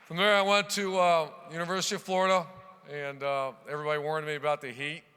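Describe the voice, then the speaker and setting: A middle-aged man from Ohio giving a keynote speech, telling punchy anecdotes from the podium with loud bursts when he starts a new chapter. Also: on the high side, little pitch movement, fast, clear, resonant tone. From Ohio, USA. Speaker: keynote speaker, football coach. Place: large banquet hall. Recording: long reverb of a large hall.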